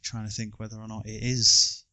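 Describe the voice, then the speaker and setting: A man's voice: fairly low pitch, completely flat delivery, normal speed, sharp tone, dry recording. A man casually hosting a podcast quiz, playful and joking, rambling a little between questions. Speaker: quiz host.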